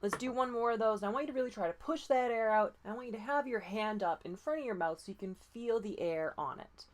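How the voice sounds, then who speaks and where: A woman voice coach leading breathing and pitch exercises, patient and encouraging, often demonstrating breathy sighs. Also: quick pace. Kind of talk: guided voice exercise lesson.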